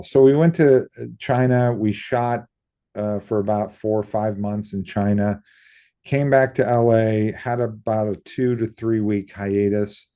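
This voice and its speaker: A man's voice: fairly low pitch, moderate pace. A middle-aged man, a makeup effects artist, telling stories in a casual interview and acting out other people's lines, with some swearing. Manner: lively storyteller who acts out quoted voices, casual swearing. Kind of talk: casual anecdotal interview storytelling.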